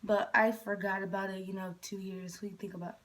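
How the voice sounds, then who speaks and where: A young woman from Michigan telling a story in a casual vlog, rambling, often dropping to a whisper and jumping up in pitch when she quotes herself. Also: steady tone, brisk, fairly bright tone. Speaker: vlogger.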